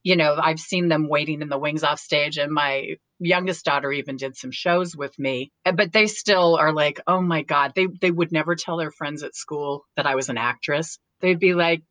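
A middle-aged woman with a very low voice tells chatty stories as an interview guest and laughs often between them. The sound is dry and close, with no room echo. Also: normal speed, few pauses, a bit bright. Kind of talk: casual interview chat.

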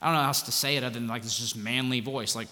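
A man preaching a sermon as pastor, animated and conversational, with jokes and asides. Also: mid-range voice, racing, big-room sound, slight background noise.

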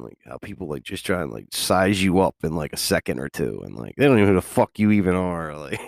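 A man's voice: low voice, creaky, no room sound, clean studio sound. A man hosting a radio show, rambling casually in a profane, loose way and laughing often. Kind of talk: casual solo talk.

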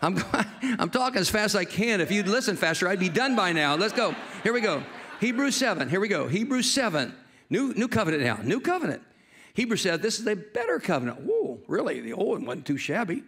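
A man preaching a sermon, telling a Bible story with animated delivery and acting out the voices of its characters. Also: sits high. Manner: jokes with the congregation.

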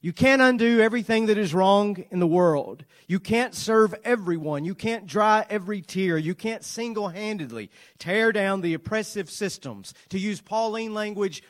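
A pastor preaching to his congregation, earnest, with dramatic swings between loud emphasis and soft, quiet lines, and playful asides. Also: high-pitched. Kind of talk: sermon.

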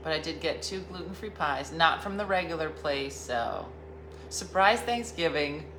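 A woman's voice: low voice, expressive, normal speed, background noise. A woman host telling a rambling, jokey story in casual chat. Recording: roomy echo with faint ambience.

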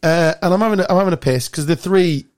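A man hosting a casual podcast, telling sweary, animated stories. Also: high voice, fast talker. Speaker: podcast host. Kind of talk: casual chat.

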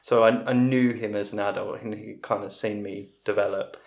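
A man's voice: lowish voice, steady tone, moderate pace, creaky, a little mellow. A man in his forties, a podcast guest telling long family stories, often restarting his sentences. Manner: rambling, self-interrupting storyteller. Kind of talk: casual storytelling in a podcast interview. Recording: roomy podcast recording.

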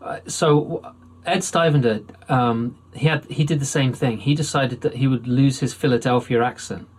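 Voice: mid-range voice, moderate pace, husky. An interviewer asking questions in a friendly, casual chat, often laughing and cutting in with short replies. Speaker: interviewer, podcast host.

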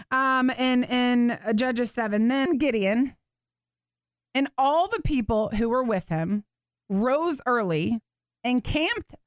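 A woman hosting a faith show, teaching from the Bible in an animated, expressive way and acting out what people in the story say. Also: a little high, no echo, clean studio sound. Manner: animated, expressive, laughs and acts out voices.

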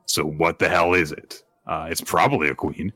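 A man's voice: rumbling low, fairly even intonation, normal speed, pushed and bright, husky. A man hosting a casual podcast, recapping a story in a rambling way and laughing between points. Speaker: podcast host.

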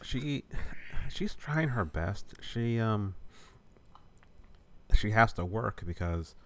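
A man's voice: lowish voice, animated, slow pace. A man co-hosting a podcast in a casual film discussion, talking in a laid-back, hesitant way full of fillers. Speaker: podcast co-host.

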